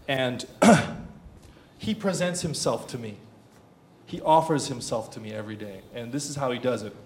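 A middle-aged man preaching a sermon, swinging from hushed tones to loud bursts. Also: medium pitch. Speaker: pastor.

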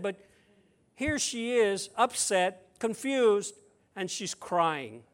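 A man with a notably high voice delivers a sermon, retelling a scripture story in a chatty, conversational way. He drops in playful, humorous asides. His delivery swings from loud emphasis down to soft near-whispers. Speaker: preacher.

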